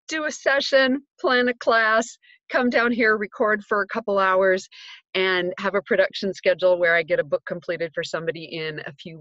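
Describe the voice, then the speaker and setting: A woman's voice: a little high, a bit bright, no room sound, highs cut off. A middle-aged woman telling a casual personal story from her home recording booth, upbeat and chatty with many fillers. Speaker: audiobook narrator and life coach.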